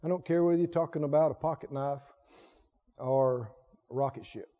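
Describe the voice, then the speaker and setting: A male pastor preaching to a congregation, animated, often laughing and firing rhetorical questions at the audience. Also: mid-range voice, normal speed. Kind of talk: sermon. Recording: dull lo-fi recording.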